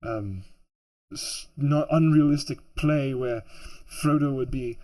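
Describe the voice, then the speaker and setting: A man's voice: mid-range voice, slow, mellow. A man who produces audiobooks, rambling casually through interview answers with many fillers and restarts.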